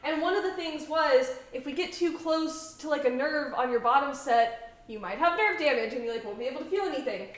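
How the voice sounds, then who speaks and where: A woman's voice: sits high, lively intonation, a little fast. A young woman hosting a cooking show, telling stories in casual chat with many fillers. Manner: chatty storyteller, many "like"s and laughs. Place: home kitchen. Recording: echoey kitchen, mic far off.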